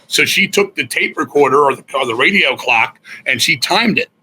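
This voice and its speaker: A middle-aged man talks as a podcast guest, spinning a long story full of swearing and restarts. His voice sits a little high for a man. It has a forceful, bright edge. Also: animated, moderate pace, breathy edge. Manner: profane, rambling, self-correcting storyteller. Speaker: guest musician. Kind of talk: candid storytelling interview.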